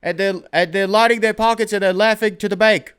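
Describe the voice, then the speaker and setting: A man's voice: high voice, fairly even intonation, smooth, pitched above the performer's own voice. A man impersonating a ranting old politician. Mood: fired-up. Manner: loud, slow, emphatic stump-speech delivery. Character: older male politician turned basketball commissioner, ranting.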